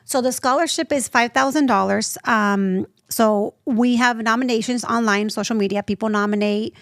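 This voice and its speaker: A woman in her thirties, a nonprofit founder telling her story as an interview guest, lively and acting out the voices she quotes. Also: on the high side, normal speed, no room sound, studio quality. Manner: animated, acts out quoted voices.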